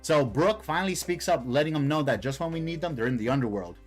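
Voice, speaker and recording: A man's voice: on the high side, animated, fast, faint music behind. Slangy, hyped male streamer. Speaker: streamer, host. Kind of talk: casual live comic reading and commentary.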